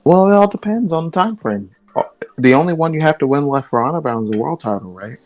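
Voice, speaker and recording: A man who is a guest on a casual podcast, speaking over a call and teasing the host in a dry, deadpan way. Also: on the high side, fast, soft background music. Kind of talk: casual chat.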